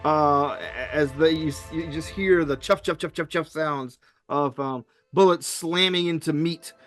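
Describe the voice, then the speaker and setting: A man narrating a tabletop game as game master, halting, with many fillers and restarts. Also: fairly high pitch, fairly bright tone, soft background music.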